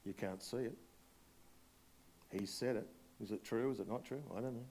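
A man's voice: medium pitch, normal speed, darkish tone, a little hiss or hum. A man preaching a sermon to a congregation, emphatic, asking rhetorical questions and polling the listeners. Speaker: pastor. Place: church hall before a congregation.

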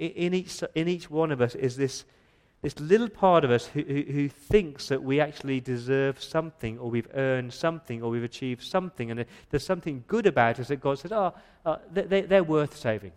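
A pastor giving an emphatic church sermon, full of rhetorical questions and quick stumbling repeats. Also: male voice, mid-range voice, darkish tone.

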